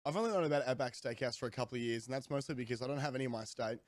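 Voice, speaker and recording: A young Australian man ranting comically to camera as a streamer, rambling with restarts and sudden jumps in pitch. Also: very fast, no room sound. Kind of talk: comedic rant to camera.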